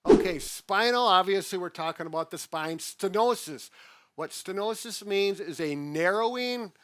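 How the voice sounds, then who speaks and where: A man co-hosting a relaxed health chat, patiently breaking things down in everyday words with plenty of "uh"s. His voice sits a little on the high side, and the sound is close and dry with no room echo. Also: normal speed. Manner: patient, plain-spoken explaining with frequent "uh" fillers. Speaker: physical therapist co-host. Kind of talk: casual explanatory chat.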